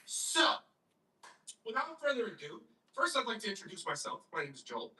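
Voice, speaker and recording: A man co-hosting a casual podcast who swears freely and slips into loud rants. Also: high voice, sing-song, distant mic, slight background noise. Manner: loud, swearing, quick to rant. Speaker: podcast co-host. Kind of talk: casual profane chat.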